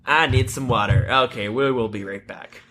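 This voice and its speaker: A man's voice: medium pitch, moderate pace, sharp tone, slight background noise. A young adult man co-hosting a podcast, telling a rambling story in casual chat, swearing freely and laughing at his own tales. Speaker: podcast co-host.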